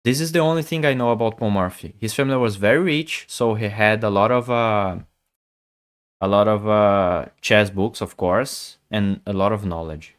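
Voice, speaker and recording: A man's voice: lowish voice, normal speed, clean tone. A man, chatting casually on a chess stream, thinking aloud and repeating himself. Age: 40s. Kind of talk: casual live-stream chat.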